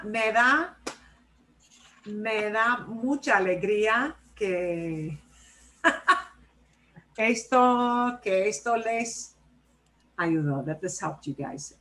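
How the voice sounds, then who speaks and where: A woman with a fairly high voice teaches a class over a video call. She is chatty and explains at length, with many asides. She keeps checking in with her students. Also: sing-song, slow pace, long pauses, bright, forceful tone, poor audio. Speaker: Spanish teacher. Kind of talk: casual online class teaching.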